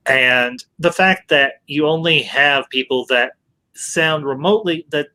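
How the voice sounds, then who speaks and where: Host: man, bright and tense in tone, chatty, emphatic reviewer who stumbles over his words. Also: on the high side, a little slow. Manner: emphatic, keeps saying "I'll say this"; frequent word restarts. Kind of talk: casual movie review chat.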